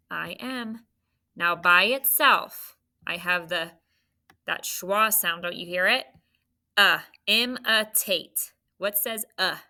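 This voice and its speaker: Patient woman teacher, slow and bright, sounding out phonics for young kids. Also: lowish voice. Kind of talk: phonics lesson for young children. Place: classroom.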